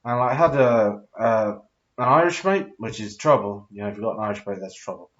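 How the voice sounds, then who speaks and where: A man's voice: lowish voice, lively intonation, brisk. Tipsy rambling man, dull lo-fi sound. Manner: rambling, hesitant with many fillers, sweary. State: tipsy after drinking. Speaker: vlogger. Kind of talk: rambling personal storytelling.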